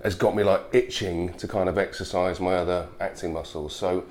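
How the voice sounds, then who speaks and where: A man's voice: low voice, steady tone, brisk, a little mellow, slight background noise. A man, an actor guest, chatting casually in an interview with lots of fillers and restarts. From United Kingdom. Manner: chatty, rambling with many fillers.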